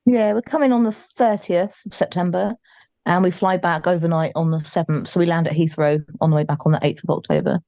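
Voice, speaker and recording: A woman's voice: fairly low pitch, fairly even intonation, fairly quick, dark tone, no room sound. An English woman, a singer being interviewed, chatting casually and trailing off with ums and tag questions over a remote call. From England. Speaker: guest singer.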